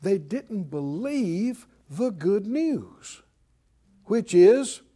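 Animated, high-voiced preacher man. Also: extremely slow. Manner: animated, rising to emphatic shouts. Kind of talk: sermon broadcast.

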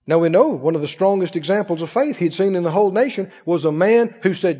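High-voiced, lively preacher in a hall. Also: male voice, brisk, few pauses. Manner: emphatic preacher, swings from loud to hushed. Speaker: pastor. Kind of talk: sermon. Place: church sanctuary. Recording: dull echoing church hall.

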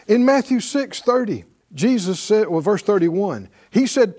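High, lively male Bible teacher. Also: normal speed, hardly any pauses. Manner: emphatic, preachy, asks the audience for responses. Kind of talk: sermon-style Bible class.

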